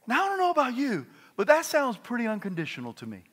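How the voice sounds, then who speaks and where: A male pastor delivering a sermon in a high, bright voice. He moves from hushed asides to loud, fervent outbursts and keeps the congregation engaged. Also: quick pace, husky. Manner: animated, swings from quiet asides to loud exclamations.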